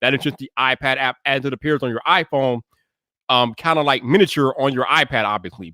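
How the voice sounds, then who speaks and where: A man hosting a tech podcast live, chatting casually with viewers and greeting them by name, then hyping his intro with shouted energy. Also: mid-range voice, a little fast, no echo, studio quality.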